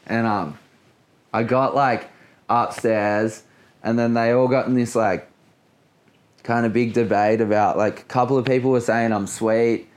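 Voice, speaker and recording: A man's voice: mid-range voice, fairly even intonation, moderate pace. A man in his late twenties with an Australian accent, a guest surfer telling a story in a casual, laid-back way, full of swearing and filler words.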